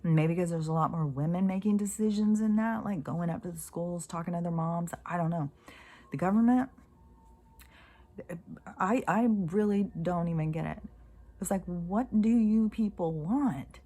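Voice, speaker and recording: Woman ranting on her vlog, swears a lot, lowish mellow voice. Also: moderate pace. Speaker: spiritual vlogger. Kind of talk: casual monologue.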